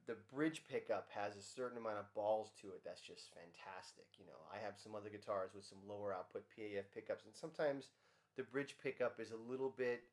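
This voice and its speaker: A guitarist casually talking about his guitar in a relaxed, rambling way with lots of ums. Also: fairly low pitch. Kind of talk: casual gear demo talk.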